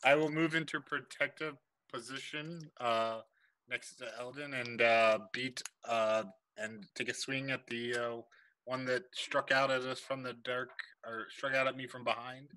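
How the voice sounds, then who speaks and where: Guy player, monotone, sharp bright voice, offhand. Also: mid-range voice, a little slow, poor audio. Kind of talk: casual tabletop game play.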